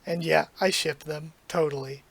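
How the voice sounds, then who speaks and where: A man's voice: a little high, normal speed, creaky. Gushing, emotional manga reactor man. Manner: excited and gushing, trips over his words. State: emotional, near tears.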